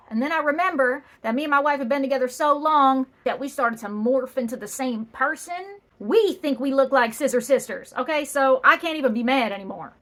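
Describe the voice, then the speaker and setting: High, bright sassy woman telling a story. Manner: sassy, rapid punchlines, exaggerated asides. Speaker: comedian. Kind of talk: comedic storytelling.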